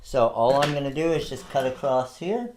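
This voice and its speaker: A man's voice: mid-range voice, expressive, moderate pace, darkish tone, slight background noise. Man, thirties, casual tutorial host, chatty, explains while working. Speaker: host of a craft supply tutorial channel. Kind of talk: casual how-to demonstration.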